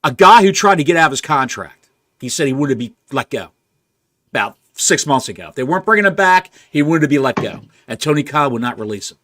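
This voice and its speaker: A man co-hosting a casual wrestling podcast, ranting with rapid rhetorical questions. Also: a little high, expressive, fairly bright tone. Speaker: podcast co-host.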